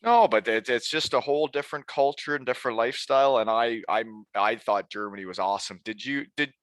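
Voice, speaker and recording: A man's voice: medium pitch, lively intonation, fairly quick, fairly bright tone, no room sound. A man hosting a podcast in casual chat, easygoing and chatty, talking on a close mic. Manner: easygoing, chatty, jokes and puts on mock German phrases. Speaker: podcast host.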